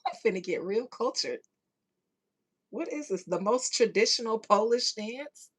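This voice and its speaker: A woman hosting a podcast in a casual chat with listeners, laughing a lot and swinging between hushed asides and loud outbursts. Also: on the high side, expressive, a little slow, husky. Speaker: podcast host.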